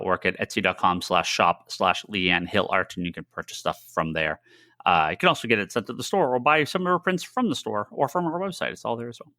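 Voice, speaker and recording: A man with a Boston accent talks loosely on a podcast, wandering through his points with frequent "uh"s and the odd curse. His tone is bright and forward, recorded close and dry. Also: fairly low pitch, no echo. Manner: loose and rambling, swears freely, frequent "uh". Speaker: podcast co-host. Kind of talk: casual chat.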